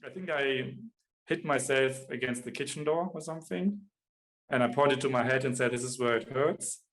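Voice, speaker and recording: A father tells a fond story from his son's childhood in a documentary interview. He speaks plainly and warmly. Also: mid-range voice, normal speed, rough recording. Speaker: father telling a family story.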